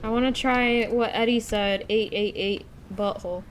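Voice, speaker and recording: Excitable young woman streamer chatting. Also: fairly high pitch, normal speed, slight background noise. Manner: chatty, excitable, talks to chat. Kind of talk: casual live-stream chat.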